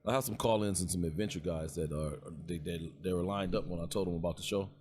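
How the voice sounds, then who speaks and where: A man's voice: low-pitched, fast talker, darkish tone. A middle-aged man co-hosting a podcast about security work, chatting casually and rambling, often repeating words as he starts a thought. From United States. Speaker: podcast co-host, security guard. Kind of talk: casual chat.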